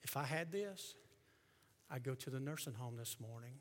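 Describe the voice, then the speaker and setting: A male pastor preaching a sermon to his congregation, swinging from hushed tones to loud, fervent passages. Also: medium pitch, animated, normal speed. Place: church sanctuary with congregation.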